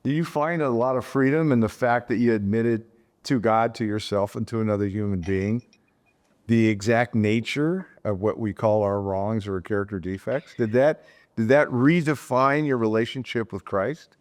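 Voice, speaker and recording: Lower-voiced man asking questions. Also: moderate pace, a little mellow. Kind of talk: interview questions.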